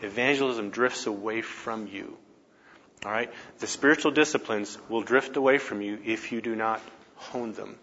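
Man, campus minister, bright tone, chatty storyteller, slight hiss under a muffled recording. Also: fairly low pitch. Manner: storytelling, frequent tag questions. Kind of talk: conversational teaching talk. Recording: dull lo-fi recording, faint noise.

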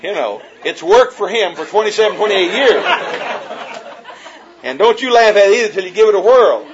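A man's voice: sits high, animated, moderate pace, highs cut off, a crowd in the background, noisy background. Folksy chuckling man telling stories. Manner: folksy storyteller, chuckling as he talks. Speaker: speaker giving a talk on marriage. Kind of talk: humorous folksy talk to an audience.

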